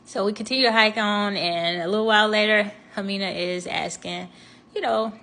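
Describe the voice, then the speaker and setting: A young woman recounts a trip in a relaxed storytime vlog. She talks in a loose, chatty way, full of fillers and restarts, and laughs now and then, in a mid-pitched voice. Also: moderate pace.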